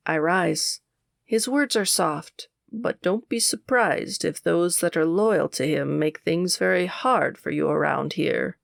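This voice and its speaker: A woman narrating a first-person audiobook in a steady, measured way. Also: on the low side, vocal fry, no echo, studio quality.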